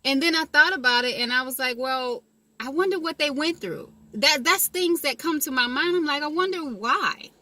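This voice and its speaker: High, bright-voiced woman giving a pep talk. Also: normal speed, dry recording. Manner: conversational, asks "you know what I mean?" often; repeats key phrases for emphasis. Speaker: motivational speaker. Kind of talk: casual motivational talk.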